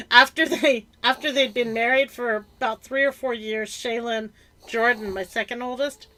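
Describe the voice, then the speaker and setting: A middle-aged woman with a high, bright voice talks in an unhurried, easygoing way on a video call. She tells stories about her grown children and plays out their short answers on the phone. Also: poor audio. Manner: animated storyteller who acts out family phone calls. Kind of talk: casual chat.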